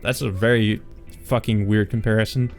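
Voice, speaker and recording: A man's voice: on the low side, fairly even intonation, normal speed, faint music behind. A man casually commenting on a visual novel he plays, crude and exasperated, swearing often. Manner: crude, profane, exasperated ranting. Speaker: let's play host.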